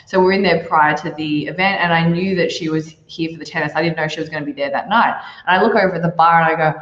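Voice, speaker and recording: A woman, a podcast guest, telling stories in a casual, animated way and acting out the people she quotes. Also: low-pitched, fast talker, hardly any pauses. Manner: animated, quoting people in shifting voices. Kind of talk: casual storytelling. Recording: lo-fi roomy remote audio.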